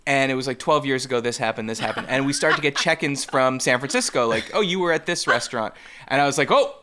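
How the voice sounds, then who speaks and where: A man's voice: medium pitch, expressive, fast talker, bright, forceful tone, slight background noise. A middle-aged man co-hosting a podcast, chatting casually, joking at his own expense and laughing often. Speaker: podcast co-host. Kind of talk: casual chat.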